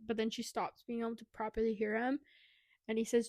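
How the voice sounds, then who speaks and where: A woman's voice: on the high side, little pitch movement, fairly quick, a little mellow, dry recording, studio quality. A young woman co-hosting a podcast, casually retelling a book's plot with lots of fillers. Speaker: podcast co-host. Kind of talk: casual book review chat.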